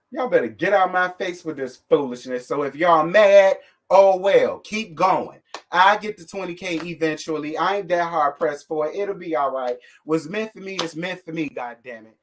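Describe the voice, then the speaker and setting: A man's voice: fairly high pitch, normal speed. A man hosting a live stream, ranting bluntly and sassily at his viewers, cursing freely. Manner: sassy, fired-up, blunt with cursing. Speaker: host. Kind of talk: casual live-stream rant.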